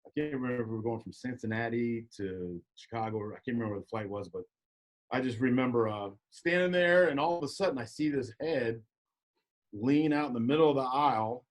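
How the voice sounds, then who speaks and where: A middle-aged man telling a story as a podcast guest, animated and jokey, acting out quotes in shifting voices. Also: medium pitch, fairly quick. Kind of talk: casual storytelling.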